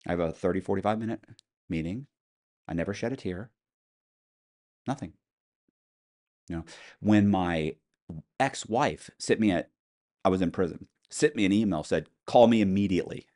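A man's voice: sits low, moderate pace, pauses often, darkish tone. A man as an interview guest, telling personal stories in a matter-of-fact, rambling way with frequent restarts. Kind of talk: casual storytelling interview.

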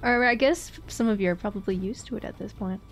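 A woman's voice: mid-range voice, quick pace, faint music behind. A woman streamer chatting casually while playing, rambling through stories and laughing often. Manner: giggly, rambling storytelling with frequent laughs. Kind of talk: casual gameplay chat.

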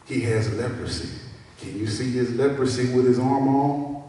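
A man's voice: mid-range voice, normal speed, mellow, slight background noise. A man preaching a sermon to his church, repeating key phrases and calling for responses from the congregation. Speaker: pastor. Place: church sanctuary. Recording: echoey church hall, mic at a distance.

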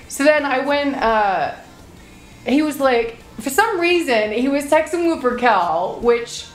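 Chatty, swearing woman streamer, roomy sound. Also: sits high. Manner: chatty, swears freely, trails into restarts. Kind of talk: casual storytelling to chat.

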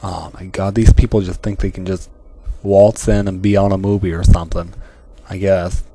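A man directing a comic video, flustered and fussy, swinging from coaxing to shouting. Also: sits low, flat delivery, normal speed, music in the background. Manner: fussy, calls people sweetie. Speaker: machinima director.

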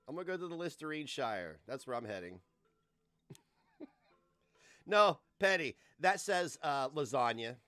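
A man in his forties streaming live, ranting in a crude, mocking, loud way. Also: medium pitch, big pitch swings, normal speed, no echo, soft background music. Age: 40s.

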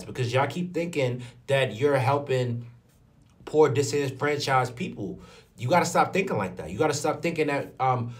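A man from New York giving an indignant, animated commentary rant. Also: medium pitch. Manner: indignant, rhetorical questions, animated. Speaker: commentary vlogger. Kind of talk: ranting commentary. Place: in front of a green screen.

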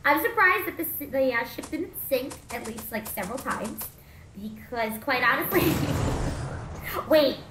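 A young woman hosting a casual gameplay commentary, rambling and excitable, with bursts of shouting and laughter. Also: on the high side, a little hiss or hum. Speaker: VTuber gameplay host. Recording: roomy echo with game music behind.

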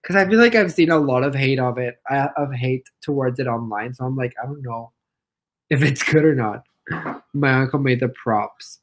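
A young man from Mexico chatting casually on a livestream, reading comments out loud, playful and giggly, and squealing at his pet. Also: mid-range voice, moderate pace, low-quality recording. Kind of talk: casual live-stream chat reading comments.

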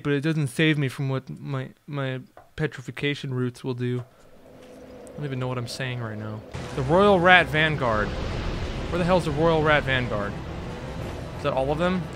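A young man doing let's play commentary, excitable and sarcastic, trash-talking enemies and swearing. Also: medium pitch, a little slow, soft background music. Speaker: gaming video host. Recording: noisy background.

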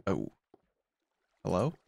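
Slow, sleepy-sounding rambling man. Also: darkish tone, dry recording. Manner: slow, rambling, musing aloud with fillers. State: sleepy, just woke up. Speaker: let's play host. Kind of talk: casual gameplay commentary.

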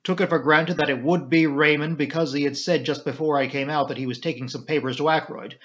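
A man voicing a gruff middle-aged army major who talks in clipped, terse phrases. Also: fairly high pitch, fairly even intonation, a little fast, natural voice. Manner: clipped, terse, drops sentence subjects.

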